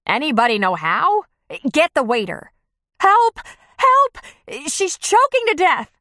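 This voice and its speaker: Lady narrator doing screechy panicky lunch guests yelling for help, dry close sound. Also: huge pitch swings, takes it slowly, dry recording, heavily acted. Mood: panicked. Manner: shrill frantic shouting.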